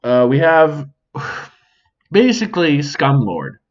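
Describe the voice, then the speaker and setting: A man's voice: a little high, big pitch swings, slow pace, lo-fi sound. A man hosting a casual solo podcast, swearing freely and speaking to an imagined audience, recorded at home. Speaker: podcast host. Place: home near a sink.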